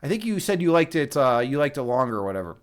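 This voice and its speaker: A man's voice: medium pitch, very animated, fast. A young man hosting a casual livestream, chatting with viewers in a rambling, joking, absurdist way full of fillers and restarts. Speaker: livestream host and meditation instructor.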